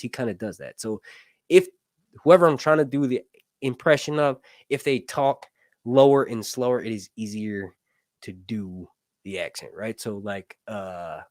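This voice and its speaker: A man's voice: mid-range voice, no room sound, clean studio sound. A man hosting a casual livestream chat, rambling and joking, often cutting himself off mid-sentence and swearing offhandedly. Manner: rambling, self-interrupting, joking. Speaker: YouTube channel host.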